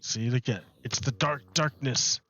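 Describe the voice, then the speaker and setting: A man's voice: mid-range voice, a little slow, a bit bright, dull audio. A man chatting casually on a gaming livestream, rambling with lots of fillers and restarts into a close microphone. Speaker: streamer. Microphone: close desk microphone.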